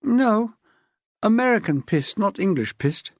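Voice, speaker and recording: A woman's voice: mid-range voice, lively intonation, normal speed, dry recording, studio quality, pitched above the performer's own voice, lightly acted. A woman voicing a wry, tired woman detective inspector talking with her husband and son.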